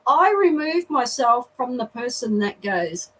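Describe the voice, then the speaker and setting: A woman, a guest telling a lively story in an interview. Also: a little high, unhurried, recorded from a distance, poor audio.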